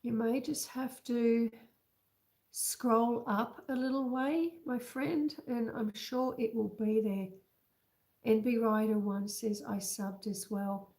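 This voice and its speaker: A woman hosting a casual home livestream, chatting slowly with viewers and reading out their comments. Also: fairly high pitch, steady tone, a little mellow, roomy sound. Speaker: livestream host. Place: home kitchen. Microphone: computer webcam.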